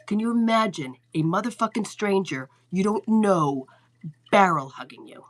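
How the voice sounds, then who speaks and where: Casual chat and storytelling fill this psychic medium's livestream, where the female host swears freely and often says her lines twice. She speaks at a moderate pace in an expressive, mid-range voice.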